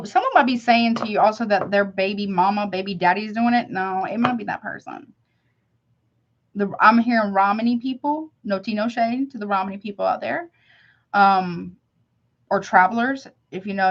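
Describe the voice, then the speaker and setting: A woman's voice: mid-range voice, moderate pace. A woman tarot reader hosting a live reading, talking in a casual, slangy, sympathetic way as she greets viewers and gives advice. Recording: slightly dull lo-fi audio.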